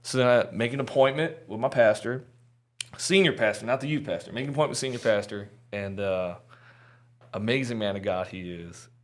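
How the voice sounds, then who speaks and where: A man's voice: lowish voice, a little fast. A man guest on a podcast, telling his personal testimony in an earnest, candid, chatty way with frequent fillers.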